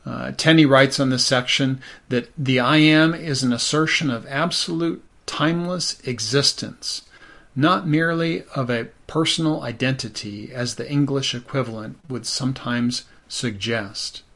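A man's voice: mid-range voice, measured pace, gravelly, a bit bright. A man preaching a sermon as pastor, conversational and thoughtful, with many "you know" asides.

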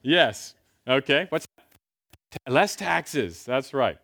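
A man's voice: medium pitch, animated, takes it slowly, gravelly, fairly bright tone, no room sound, clean studio sound. A middle-aged man preaching a sermon, playfully asking his congregation questions before reading scripture aloud. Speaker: pastor.

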